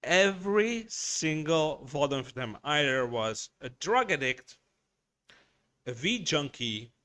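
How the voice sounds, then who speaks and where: A Hungarian man hosts a craft shop livestream in his workshop, his accented voice fairly high, bright and forceful. The talk is blunt casual chat and ranting, heavy on swearing, and he rambles with many restarts.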